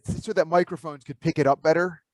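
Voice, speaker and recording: A man's voice: on the high side, fairly even intonation, brisk, darkish tone. A man co-hosting a podcast in casual chat, laid-back and rambling, thinking aloud with lots of fillers. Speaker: podcast co-host.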